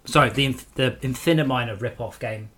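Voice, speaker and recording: A man's voice: medium pitch, a little fast, a bit bright, slight background noise. A man streaming a game live and sarcastically scolding trolls in his chat.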